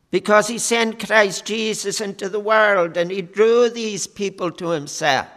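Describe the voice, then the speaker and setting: A man preaches a sermon in a high, fairly bright voice, speaking slowly and deliberately with pauses on fillers. The long reverb of a church hall rings around his words.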